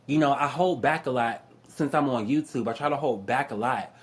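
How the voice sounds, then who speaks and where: A man's voice: medium pitch, normal speed. A young man telling stories in a casual, profane rant, often laughing and mimicking other people's voices. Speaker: astrology YouTuber.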